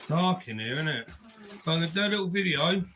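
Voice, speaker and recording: A man's voice: on the high side, expressive, fast talker, sharp tone, a little hiss or hum, low-quality recording. A man from England with an English accent, recording a home video message, emotional and crying as he talks. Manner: emotional, tearful, swears.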